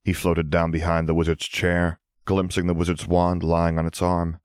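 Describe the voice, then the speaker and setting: Brief: man, very deep voice, calm measured audiobook narration, dry close sound. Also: smooth, no echo.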